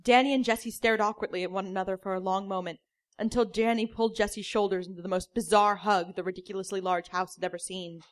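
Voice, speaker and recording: A woman comedian reads a story aloud in a dry, deadpan way, with a middle-pitched voice. She sometimes breaks into laughter at her own lines. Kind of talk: comic reading of a story.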